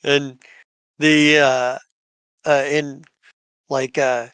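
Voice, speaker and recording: A man narrating as game master in a live tabletop game, halting, with many "uh" and "like" fillers. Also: mid-range voice, little pitch movement, fairly bright tone, clear, resonant tone, no echo. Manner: halting, full of "uh" and "like".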